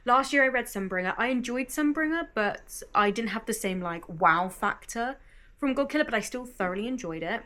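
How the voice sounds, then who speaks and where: A bubbly young British woman talks to her vlog camera in a fairly high voice. Her pitch swings up and down a lot as she chats animatedly and laughs easily. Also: lively intonation, brisk, bright, forceful tone. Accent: British English. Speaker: book vlogger. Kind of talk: casual vlog chat.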